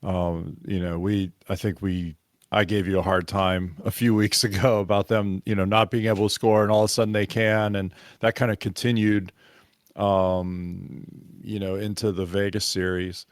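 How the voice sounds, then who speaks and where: A man's voice: sits low, flat delivery, moderate pace, dry recording, studio quality. A man co-hosting a podcast, chatting about hockey in a rambling, easygoing way and laughing easily. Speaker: podcast co-host. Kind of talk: casual sports chat.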